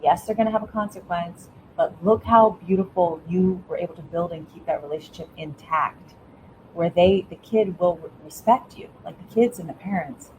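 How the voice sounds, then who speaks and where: Middle-aged woman, low-pitched, earnest guest giving advice; slight background hum. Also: normal speed, rough recording. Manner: earnest, encouraging, with restarts. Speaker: guest, former school principal. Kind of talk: advice-giving interview talk.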